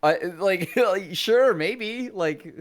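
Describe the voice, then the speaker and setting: A man's voice: sits high, expressive, drawn-out words. A man from California with a Californian accent, laid-back and giggly, chatting as a first-time player. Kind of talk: casual stream chat.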